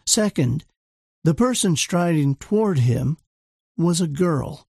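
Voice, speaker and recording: A man narrating a story in a steady, measured reading. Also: fairly high pitch, gravelly, slightly rough, dry recording, clean studio sound. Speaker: audiobook narrator. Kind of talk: scripted narration.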